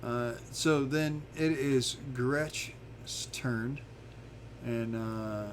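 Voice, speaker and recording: A man narrating a tabletop game as game master, halting now and then with fillers as he describes the action. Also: mid-range voice, crowd noise.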